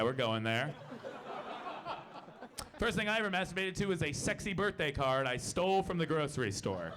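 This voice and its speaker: A man performing a stand-up comedy set on stage, telling stories deadpan and acting out loud quotes. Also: fairly high pitch, background noise. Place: comedy club stage with a laughing audience.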